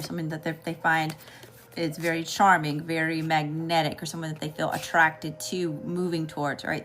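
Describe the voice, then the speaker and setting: A woman with a Southern US accent gives a live tarot reading in a low, slightly bright voice. She's casual and chatty, often checking in with her viewers by asking "okay?" and greeting the chat.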